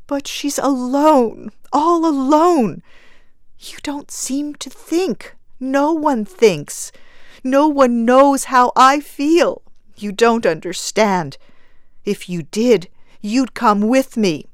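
A woman reading aloud, voicing a distraught young mother grieving her lost daughter, slow and pleading in a raised, strained voice. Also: medium pitch, big pitch swings, no room sound, studio quality. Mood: anguished. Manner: pleading, breaking, slow and anguished.

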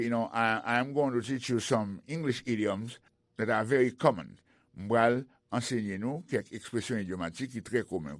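A man teaching English in a radio lesson, explaining phrases slowly and spelling words out letter by letter. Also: medium pitch, no room sound, studio quality. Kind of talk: bilingual radio language lesson.

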